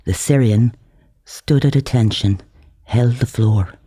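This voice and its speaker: A man's voice: mid-range voice, takes it slowly, warm tone, husky, dry recording, clean studio sound. A man reading his own novel aloud in a wry, vivid storytelling manner. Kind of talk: audiobook narration.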